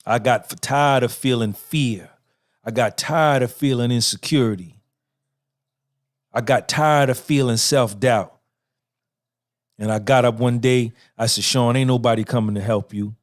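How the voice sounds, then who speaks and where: A man's voice: medium pitch, unhurried, long pauses. A middle-aged man hosting a podcast, giving a profane, repetitive motivational monologue and talking back and forth with himself. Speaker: podcast host.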